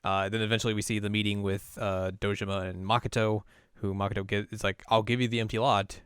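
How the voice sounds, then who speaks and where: Here the co-host's voice is lowish, level, a bit bright, clear and resonant, and he moves at a quick clip. In a casual, rambling recap of a game's storyline, he scatters "like" throughout and restarts often; the audio is clean studio quality without echo.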